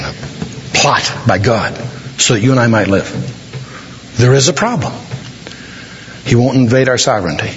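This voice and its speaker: A man preaching a sermon, telling a story and slowing down dramatically for emphasis. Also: medium pitch, slight background noise. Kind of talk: sermon with a told joke. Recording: dull, reverberant hall recording.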